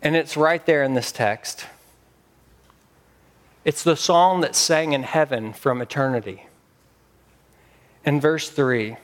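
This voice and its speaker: A man preaching a sermon as pastor, emphatic with dramatic pauses. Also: a little high.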